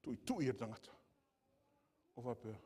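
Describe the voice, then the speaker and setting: Preacher with a lively, swinging voice. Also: male voice, medium pitch, normal speed, husky. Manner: impassioned storytelling preacher, swinging from hushed to loud. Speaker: pastor. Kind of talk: sermon. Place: church.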